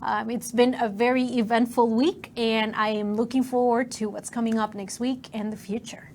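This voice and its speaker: A woman's voice: fairly high pitch, little pitch movement, moderate pace, a little mellow, a little hiss or hum. A woman co-hosting a game stream in casual, upbeat chat.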